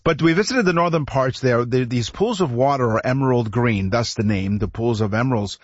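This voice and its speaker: A husky, mid-pitched man from Canada co-hosts a talk radio show in an easy, storytelling way. He circles back, repeats words and chuckles as he talks. The studio sound is dry and a little muffled. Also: brisk, no echo. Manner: rambling, repeats words, chuckles through stories. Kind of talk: casual radio chat, storytelling.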